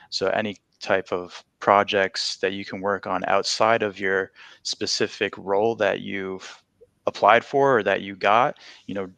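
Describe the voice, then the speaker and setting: A man's voice: low voice, gravelly, fairly bright tone, no room sound. A young man working as an intern, earnestly explaining his work on a panel with frequent fillers.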